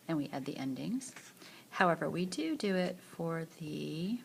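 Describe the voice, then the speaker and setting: A woman teacher with a fairly low voice narrates a French grammar screencast over a tablet. She explains each point patiently and models the verb forms slowly so that learners can repeat after her. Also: lively intonation, vocal fry, a little hiss or hum.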